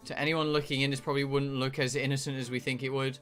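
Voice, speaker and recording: Bright-voiced British man streaming a game. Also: medium pitch, little pitch movement, fast talker, soft background music. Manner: joking, rambling, stumbles over words while reading. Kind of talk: live-streamed game playthrough, reading aloud and chatting.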